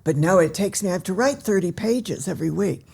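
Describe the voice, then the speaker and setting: An older woman, an author, chatting as a guest in an interview and telling her stories in an animated, theatrical way. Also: on the low side, fairly quick, vocal fry, slightly rough. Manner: animated storyteller who acts out scenes. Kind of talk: casual interview chat.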